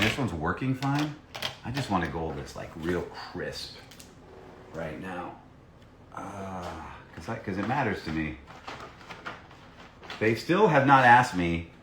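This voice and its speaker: A man's voice: deep voice, reverberant, noisy background. A man, a voice actor, chatting playfully on a live stream while he signs autographs and reads out fan messages. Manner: playful and jokey, reading fan messages aloud. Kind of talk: casual live-stream chat.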